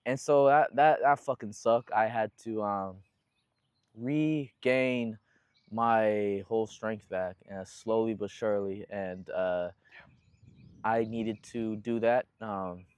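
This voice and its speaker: A man's voice: lowish voice, slow pace, darkish tone, clean tone, no room sound. A young man talking casually as a guest in an interview, telling a personal story in a loose, slangy way with lots of profanity. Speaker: guest musician.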